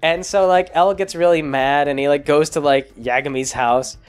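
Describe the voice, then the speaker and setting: A man's voice: on the high side, fairly even intonation, moderate pace, clean tone, faint music behind. A man doing a sarcastic, rambling movie recap, full of fillers. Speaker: video blogger.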